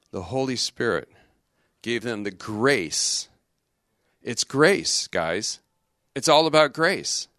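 A middle-aged man, a religious brother, giving a lively youth talk in a conversational, joking way full of rhetorical questions. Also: mid-range voice, dry recording, studio quality.

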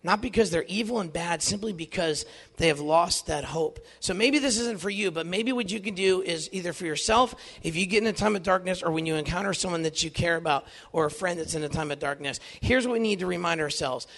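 Fifties guy giving a youth talk, gravelly voice pitched high, earnest and joking. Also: brisk. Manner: earnest, animated storytelling with self-deprecating humor. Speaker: Catholic youth speaker. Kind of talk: inspirational talk.

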